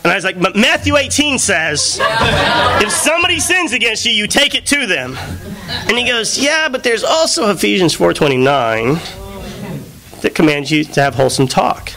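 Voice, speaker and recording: A man's voice: sits high, moderate pace. A man preacher telling a story in a sermon, acting out a phone conversation with a friend, with the congregation heard behind him. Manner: animated, acts out both sides of a phone call. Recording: live church recording with audience. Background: congregation laughing.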